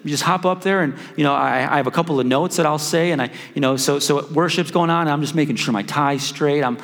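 Man preaching, animated storyteller, slightly high voice, long hall reverb. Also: fast talker. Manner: animated storytelling, acts out his own past thoughts. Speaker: pastor. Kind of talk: sermon with personal story.

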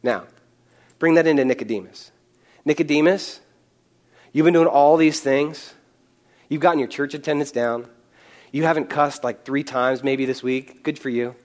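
A man's voice: medium pitch, moderate pace, pauses often, a little mellow. A young man preaching a sermon, conversational, with joking asides. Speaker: pastor.

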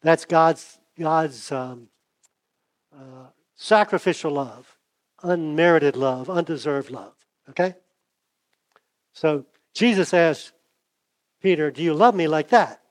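A man preaching a sermon, conversational, acting out the dialogue with big swings from loud to hushed, and losing his voice. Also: on the high side, slow pace, long pauses. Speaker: pastor.

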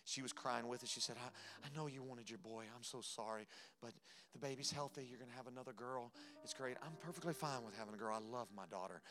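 A man preaching a sermon as a pastor, telling a personal story that moves between hushed moments and loud, emphatic passages. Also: mid-range voice, fast talker. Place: church sanctuary.

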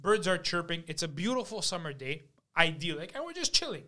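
A young man hosting a podcast, telling stories in a casual, animated and profane way and acting out other people's voices. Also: fairly high pitch, a little fast. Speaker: podcast host. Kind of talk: casual storytelling chat.

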